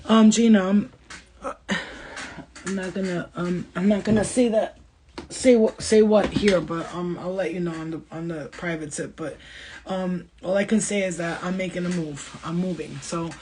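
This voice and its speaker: A woman giving a casual livestream spiritual reading, talking fast and bluntly and swearing freely. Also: lowish voice, fairly even intonation, mellow, slight background noise.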